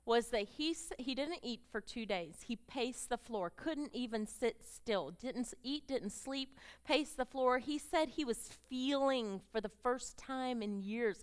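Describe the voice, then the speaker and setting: A middle-aged woman telling her story as a sermon to a group of women, moving from hushed storytelling to fervent, emotional exclamations. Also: sits high, clean tone. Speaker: speaker at a women's gathering. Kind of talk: testimony sermon.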